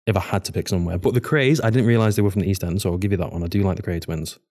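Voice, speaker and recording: A man's voice: sits low, very fast, darkish tone. A man from the north of England, chatting on a film podcast, dry and teasing, with hesitant ums. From north of England, Manchester. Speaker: podcast co-host. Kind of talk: casual film-review chat.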